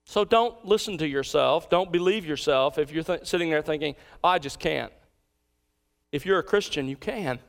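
A man preaching a sermon as pastor, emphatic and repeating key lines slowly for emphasis. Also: sits high, fairly bright tone, clean tone.

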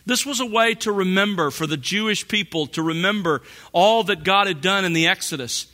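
A man preaching a sermon, slow and deliberate, drawing out key phrases for emphasis. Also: high voice, bright, forceful tone. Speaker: pastor.

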